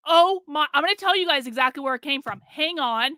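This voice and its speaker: A woman's voice: high-pitched, expressive, fairly quick, hardly any pauses, bright, forceful tone, no echo, clean studio sound. A middle-aged woman on a live stream, ranting in fury, swearing and repeating herself. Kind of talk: angry live stream rant.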